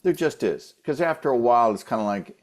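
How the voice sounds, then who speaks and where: A man talking as a guest voice-over coach, giving casual advice in an animated way that acts out quoted voices. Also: medium pitch, fairly quick.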